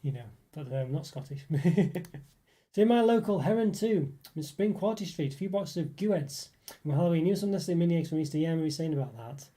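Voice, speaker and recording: A man's voice: a little high, animated, a little fast, warm tone. A young man hosting a casual live stream, rambling and chatting with viewers, with lots of fillers and restarts. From northeast England. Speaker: livestream host reading chat.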